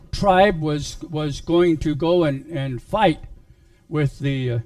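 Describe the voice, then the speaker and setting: Slow-talking high-voiced male preacher. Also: a little mellow, dry recording, distant mic. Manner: halting, with many restarts and fillers. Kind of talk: sermon retelling a Bible story.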